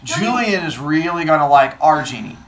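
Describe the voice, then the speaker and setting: A man's voice: fairly high pitch, lively intonation, normal speed, fairly bright tone. A man reading a story aloud to a group, adding playful asides that explain words, heard from a distant mic in a roomy space. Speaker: storyteller host.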